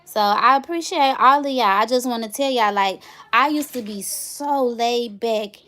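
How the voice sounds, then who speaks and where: A woman in her thirties talks to her viewers on a casual livestream in a fairly high voice. She tells stories with animated, chatty energy, as if catching up with friends. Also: measured pace. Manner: chatty, animated storytelling, addresses viewers directly. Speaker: livestream host.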